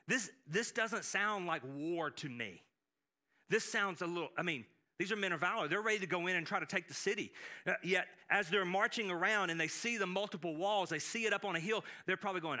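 A man preaching a sermon as pastor, animated, with frequent restarts and acted-out quotes. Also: high-pitched, brisk.

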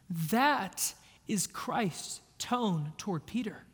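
Give me a slow, earnest male preacher delivering a sermon in a reverberant hall. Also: sits high, animated. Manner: earnest, swings between hushed and emphatic. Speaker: pastor.

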